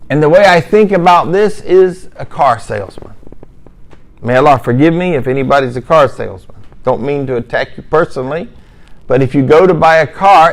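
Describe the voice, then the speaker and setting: A man giving a religious lesson as a lecturer, emphatic and repetitive, with storytelling asides. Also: a little high. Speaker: Islamic lecturer.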